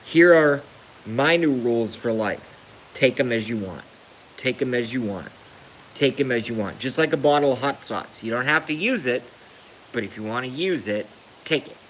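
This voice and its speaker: A man on a live stream delivers a heated personal rant in a voice of ordinary pitch. He keeps circling back, repeating phrases for emphasis, with a light hiss in the background. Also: lively intonation, moderate pace, a bit bright, poor audio. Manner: emphatic and repetitive, hammering points home. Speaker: livestreamer.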